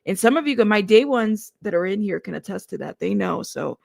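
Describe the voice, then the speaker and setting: A woman in her thirties hosting a casual livestream, chatting excitedly and greeting viewers by name. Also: mid-range voice, brisk, gravelly, no room sound. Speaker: livestream host.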